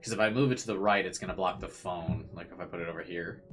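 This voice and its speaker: A man's voice: sits low, quick pace, music in the background. A young man streaming a visual novel, reading the narration aloud with added drama and chatting with viewers between passages.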